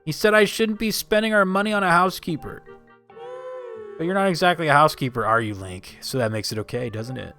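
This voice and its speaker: A man's voice: fairly high pitch, pushed and bright, faint music behind, voice pushed up. Man putting on a breezy, carefree mother. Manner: reading in-game dialogue aloud, quick and light. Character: breezy middle-aged mother, carefree with money.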